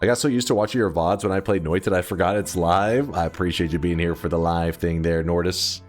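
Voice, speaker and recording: A man's voice: low voice, a little fast, faint music behind. A man streaming a game live, rambling through stories in a casual, foul-mouthed way at a desk microphone. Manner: rambling storyteller, swears freely, laughs often.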